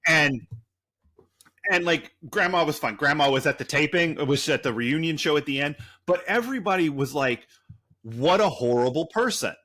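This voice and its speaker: A man's voice: on the high side, expressive, normal speed, sharp tone. A man co-hosting a podcast, rambling through a story in a loose, profane, casual way. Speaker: podcast co-host.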